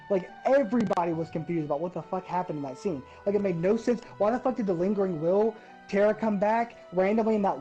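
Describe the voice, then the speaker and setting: A woman's voice: medium pitch, dull audio. A woman ranting about a game in casual chat, swearing freely and getting worked up. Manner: profane, ranting, animated. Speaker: gaming podcast host.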